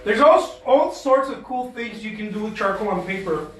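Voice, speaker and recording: A man's voice: high voice, animated, normal speed, a bit bright. Jokey man in an echoey studio. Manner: jokey, chatty, self-mocking boasts. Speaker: artist hosting a drawing demo. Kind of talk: casual art demonstration. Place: art studio.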